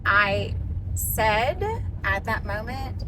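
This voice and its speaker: A woman's voice: high-pitched, expressive, normal speed, noisy background. A middle-aged woman, a podcast guest, telling a personal story in a blunt, profane, fired-up way.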